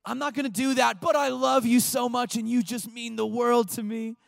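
A man's voice: very high-pitched, fairly even intonation, normal speed, gravelly, dry recording, clean studio sound, voice pushed up, exaggerated voice. A man voicing a stubborn kid who sing-songs sweet words to his parents while refusing chores. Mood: whiny. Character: sulky teen child refusing parents.

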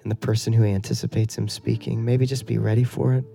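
A man's voice: medium pitch, little pitch movement, fast talker, creaky, mellow, faint music behind. A middle-aged male pastor delivering an earnest, conversational sermon full of rhetorical questions.

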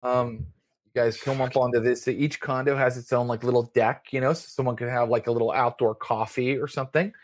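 A man's voice: medium pitch, fairly even intonation, fairly quick, no echo. A man narrating as game master in a tabletop role-playing game, with many fillers. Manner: rambling, filler-heavy narration.

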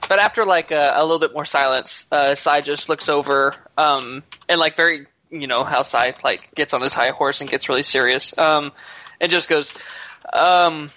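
A man with a bright, somewhat high voice describes his character's actions in a tabletop game, halting and full of fillers. His audio is dull and lo-fi, like an online call. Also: a little hiss or hum. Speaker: player.

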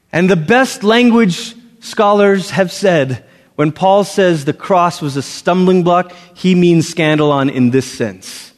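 A man preaching a sermon as pastor, swinging between loud emphatic lines and hushed ones. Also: high voice. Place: church sanctuary. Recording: long reverb of a large hall.

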